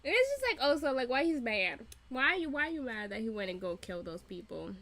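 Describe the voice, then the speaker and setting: Bright-voiced profane woman recapping TV. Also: on the high side, a little fast. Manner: profane, laughing, animated. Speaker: reaction channel host. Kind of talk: casual TV recap commentary.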